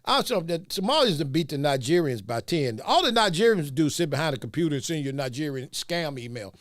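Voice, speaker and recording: A man hosting a podcast, mocking video clips with loud laughter and comic commentary. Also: a little high, fast, no room sound, studio quality. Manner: mocking, laughs a lot, animated. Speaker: podcast host. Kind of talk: comedic commentary.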